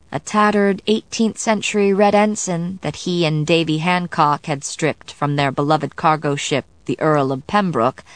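A woman narrates a novel with a low-pitched voice, in measured and even tones. The recording is dry and close, with no room sound. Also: no room sound. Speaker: audiobook narrator. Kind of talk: scripted narration.

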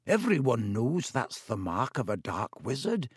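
A man voicing a stout, stubborn schoolboy who talks slowly and solemnly in a hushed, conspiratorial way. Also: medium pitch, huge pitch swings, husky, no echo, clean studio sound, heavily acted. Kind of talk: audiobook character voice.

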